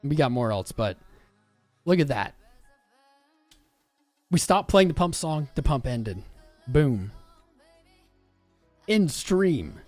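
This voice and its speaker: A man's voice: fairly high pitch, big pitch swings, takes it slowly, long pauses, a little mellow, no room sound, faint music behind. Upbeat man hosting a crypto livestream. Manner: upbeat, chatty, reads viewer comments aloud. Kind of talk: casual live trading commentary.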